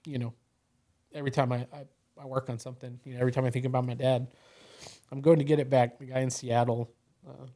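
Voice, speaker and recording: A man's voice: medium pitch, little pitch movement, fast talker, long pauses, warm tone. A man as a podcast guest, telling a personal story in a loose, casual way, full of "you know" and "like".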